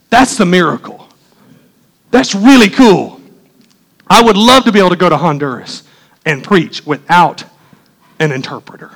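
A preacher man, his voice sitting unusually high for a man. He preaches eagerly and quickly, tripping over his words and restarting in his rush to get the next thing out. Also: low-quality recording. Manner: fast, excitable preaching with many restarts. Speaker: pastor. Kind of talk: sermon.

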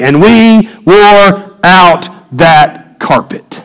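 A man, preaching a sermon in a church, swinging from loud emphatic peaks to low quiet asides. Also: lively intonation, measured pace, rough recording. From United States. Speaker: pastor. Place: church sanctuary.

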